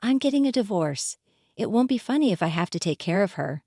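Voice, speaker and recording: A woman's voice: mid-range voice, very animated, a little fast, mellow, dry recording, studio quality. A woman voicing a scheming, angry middle-aged husband in a storybook reading, blustering and indignant in manner. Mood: smug.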